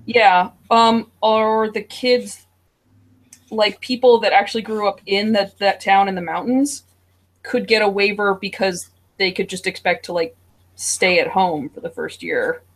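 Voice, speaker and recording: A woman's voice: medium pitch, fairly even intonation, measured pace. A woman chatting casually on a video call while she draws, with many "like"s and "um"s. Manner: chatty, with fillers like "like" and "um". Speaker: artist in an online drawing group. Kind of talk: casual chat while drawing. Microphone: video call mic.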